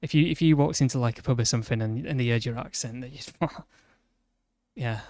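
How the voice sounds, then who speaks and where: A man's voice: medium pitch, a little fast, darkish tone, dry recording. Yorkshire streamer, young man, blunt teasing banter, stumbling restarts, dry close sound. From northern England. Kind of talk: casual chat while gaming.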